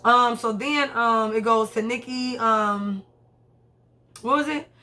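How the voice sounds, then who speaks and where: A woman's voice: fairly high pitch, takes it slowly. A young woman casually recapping a TV episode, swearing freely and acting out the characters' lines. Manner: animated, profane, acts out characters' lines. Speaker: TV episode reviewer.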